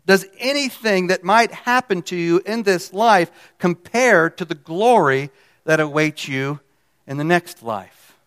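A man preaching a sermon, pressing key phrases with emphasis and letting his voice drop low at the ends of lines. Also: measured pace, fairly bright tone.

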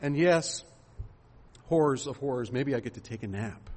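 Husky-voiced man preaching conversationally. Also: medium pitch, expressive, normal speed, a little mellow. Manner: conversational preaching with rhetorical questions and fillers. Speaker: pastor. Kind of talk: sermon.

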